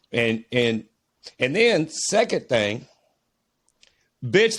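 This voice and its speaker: A father co-hosting a podcast, chatting casually and animatedly, swearing freely and breaking into mocking voices while telling stories. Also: a little high. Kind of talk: casual profane chat.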